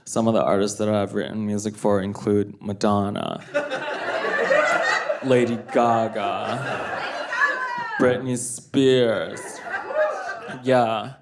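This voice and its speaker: A man's voice: lowish voice, sing-song, extremely slow, pauses often, over a noisy crowd, very noisy. A male stand-up comedian with an offhand, rambling delivery, talking on stage between songs. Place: comedy stage with live audience. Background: guitar.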